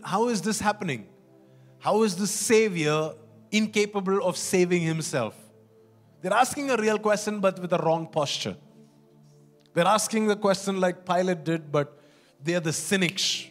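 A man's voice: high-pitched, measured pace, soft background music. A man preaching a sermon in an earnest, emphatic way, often repeating words and asking the congregation questions.

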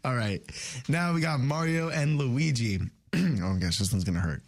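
Radio morning host, man, animated pitch, brisk studio banter. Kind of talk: casual banter.

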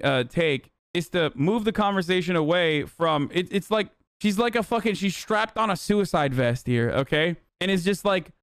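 A man's voice: high-pitched, clean tone, no echo, studio quality. A young man streaming heated, profane political commentary, full of fillers and swearing. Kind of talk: casual ranting commentary.

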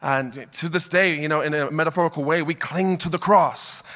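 Impassioned high-voiced male pastor, hall reverb. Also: normal speed. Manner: impassioned preaching, builds to shouting crescendos. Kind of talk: sermon. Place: church auditorium.

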